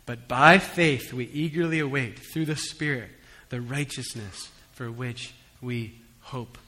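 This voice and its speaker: A male pastor preaches a sermon in a bright, forward, medium-pitched voice, speaking a little slowly. He drifts from relaxed, conversational storytelling with humorous asides to emphatic, raised appeals, swinging between soft and forceful. A long reverb tail from the church hall follows his words.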